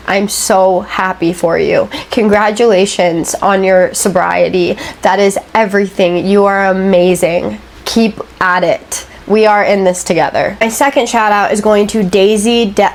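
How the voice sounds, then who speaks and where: A woman hosting a storytelling channel, chatting casually and emotionally with her viewers, laughing often. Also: mid-range voice.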